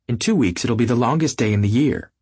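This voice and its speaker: A man reading an audiobook, voicing a bright, high-spirited young woman who gushes with charm. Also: normal speed, breathy edge, no room sound, clean studio sound. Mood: playful. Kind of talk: audiobook character voice.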